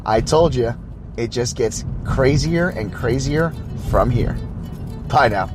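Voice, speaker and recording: A man hosting a podcast, telling a dating story casually in an animated way, stumbling and restarting as he acts out the dialogue. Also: mid-range voice, takes it slowly, over music. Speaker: podcast host.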